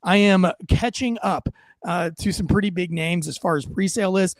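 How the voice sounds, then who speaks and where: A man's voice: high voice, normal speed, no echo, studio quality. A man hosting a podcast, talking through a video clip in emphatic, casual commentary with frequent fillers. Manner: emphatic, punchy, with many fillers. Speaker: podcast host.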